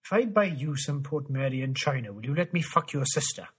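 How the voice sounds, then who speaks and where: With an expressive, mid-range voice that is a bit bright, slightly rough and a little fast, a comedy podcast co-host fires off crude one-line jokes. Each line comes in a different regional accent as part of a rapid accent-run sketch.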